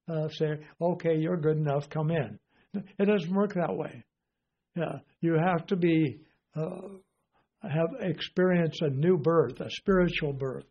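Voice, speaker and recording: An older man preaching in a relaxed, folksy way, wandering through stories with plenty of "uh" and "you know". His voice sits a bit high for a man. The recording sounds dull and lo-fi. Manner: rambling, folksy, many fillers. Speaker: Bible teacher. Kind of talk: informal sermon.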